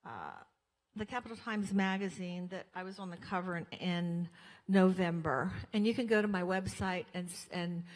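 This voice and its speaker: An older woman from Colorado giving a chatty, storytelling speech to an audience, acting out the voices in her own anecdotes. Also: on the low side. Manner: chatty storytelling, acts out dialogue. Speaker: guest speaker at a fundraiser. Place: church hall. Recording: long hall reverb.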